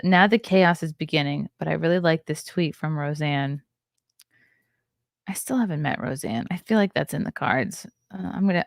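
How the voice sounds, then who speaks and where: A woman's voice: low voice, creaky, no echo, clean studio sound. A tired, yawning woman hosting a podcast, chatting casually with her viewers and rambling between comments from the chat. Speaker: podcast host.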